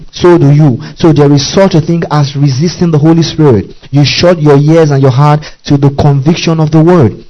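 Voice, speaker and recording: A man preaching a sermon in a fairly high, mellow voice, checking in with his congregation over and over. He reads scripture slowly and deliberately. The recording is dull and lo-fi. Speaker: pastor.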